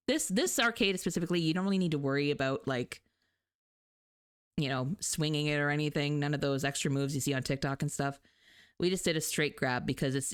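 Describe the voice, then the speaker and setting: A woman streamer in a chatty, animated casual talk, laughing often. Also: low voice, smooth. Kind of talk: casual chat.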